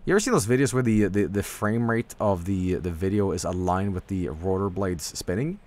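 A man's voice: deep voice, brisk, a little mellow. A man streaming a game, chatting casually and swearing as he rambles through tasks and stories. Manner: rambling, profane, easily startled. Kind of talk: casual gameplay commentary.

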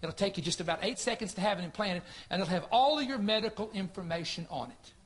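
A man preaching a sermon, telling a story in an animated way and acting out the dialogue of the people in it. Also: high voice, fast. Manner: animated, acts out reported dialogue.

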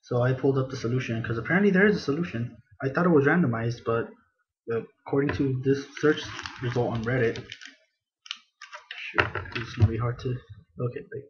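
A man's voice: mid-range voice, fairly quick, muffled recording, noisy background. A young man giving casual, self-mocking let's play commentary. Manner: chatty, self-mocking, reads game dialogue in a hammy theatrical voice. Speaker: gameplay commentator.

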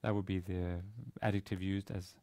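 Hesitant low-voiced male lecturer. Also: flat delivery, normal speed, darkish tone, no echo. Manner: hesitant, many fillers and restarts. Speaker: university lecturer. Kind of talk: classroom lecture. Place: university classroom.

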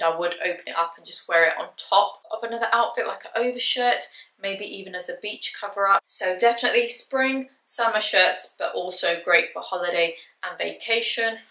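Bright-voiced woman chatting a haul. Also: mid-range voice, reverberant. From England. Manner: chatty, upbeat, voice jumps up when saying prices. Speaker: fashion haul vlogger. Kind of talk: casual haul chat to camera.

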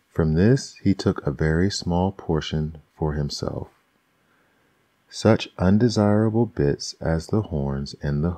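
Man, ASMR bedtime storyteller, very low voice, mellow, dry close sound. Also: no room sound. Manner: soft, unhurried reading.

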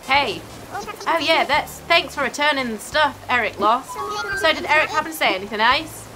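A woman's voice: high voice, moderate pace, close to an everyday voice, rough recording. A woman doing a hearty animal jock with an Australian twang. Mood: upbeat. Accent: put-on Australian. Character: cheerful young male jock animal villager. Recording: game music behind.

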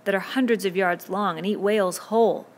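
A woman's voice: medium pitch, a little fast, lightly acted. A woman doing Maurice, a rambling schoolboy. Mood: musing. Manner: rambling, trailing off at ends. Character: chatty schoolboy, hesitant then cheerfully doubtful.

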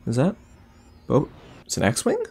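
A young man hosting a casual reaction video, talking excitedly to his viewers with lots of exclamations. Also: medium pitch, measured pace, creaky, breathy edge. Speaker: YouTube reaction host.

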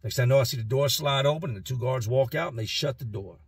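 Husky-voiced man telling a story. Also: medium pitch, quick pace, no echo. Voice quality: street slang, emphatic. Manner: animated, acts out the voices in his stories. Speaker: vlogger telling prison stories. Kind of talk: casual first-person storytelling.

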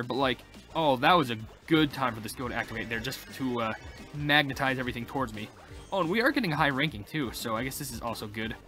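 A man giving casual, rambling gameplay commentary as a YouTuber, getting excitable at close calls. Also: medium pitch. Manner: rambling, excitable, lots of fillers. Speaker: gaming YouTuber.

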